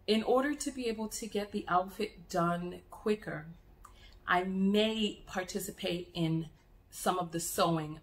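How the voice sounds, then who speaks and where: An American woman talking to camera in a casual travel vlog, an animated storyteller who restarts and repeats words as she goes. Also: medium pitch, reverberant, slight background noise. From United States. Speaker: travel vlogger.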